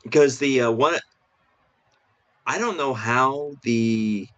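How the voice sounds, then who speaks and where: A man's voice: medium pitch, slow pace. A man co-hosting a casual film review podcast, talking hesitantly with many restarts and fillers. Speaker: podcast co-host. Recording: dull lo-fi stream audio.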